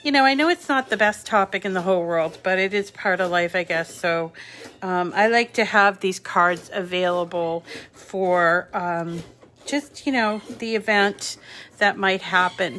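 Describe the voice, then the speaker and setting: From her home craft room, with dogs and a squeaky toy around, a middle-aged woman hosts a casual live crafting chat, rambling along with many fillers. Her mid-range voice is bright and pushed, with a little hiss or hum in the audio.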